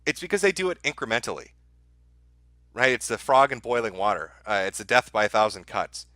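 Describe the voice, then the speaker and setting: Mid-range in pitch yet swinging widely, this man's sharp voice runs a little fast with no echo. He's hosting a livestream, furious and profane, ranting heatedly about whatever he's covering.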